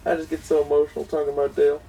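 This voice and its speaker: A man's voice: on the high side, monotone, very fast, creaky, dark tone, faint music behind. A man playing a blustering oil boss. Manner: folksy, boastful, easily flustered. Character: blustering small-time male oil boss, self-important. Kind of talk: mockumentary comedy. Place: cramped old camper. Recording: distant mic, noisy background.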